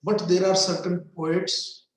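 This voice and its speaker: A man giving a recorded lecture on poetry, speaking slowly and deliberately with pauses between phrases. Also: high voice, flat delivery. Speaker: literature lecturer. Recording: very echoey room.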